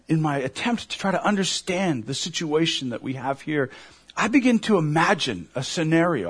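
Earnest husky male preacher. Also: mid-range voice. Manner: earnest, drops to a hushed voice for emotional moments. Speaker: pastor. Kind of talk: sermon with imagined storytelling.

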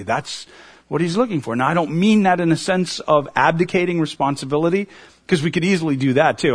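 A middle-aged man preaching a sermon, earnest and emotional, his voice climbing toward a near shout at the high points. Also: fast talker. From United States. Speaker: pastor.

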